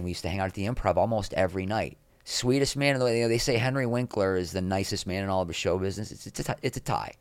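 Recorded with no room sound, this middle-aged interview guest has a fairly low voice. His stories wander, poke fun at himself, and come alive whenever he imitates someone he's quoting.

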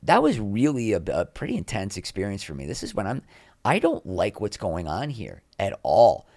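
A man with a fairly low voice recounts backstage stories as an interview guest. He rambles and restarts, then jumps into loud, animated impressions of the people he quotes. The recording is close and dry. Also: normal speed, gravelly, no room sound. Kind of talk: candid anecdotal storytelling.

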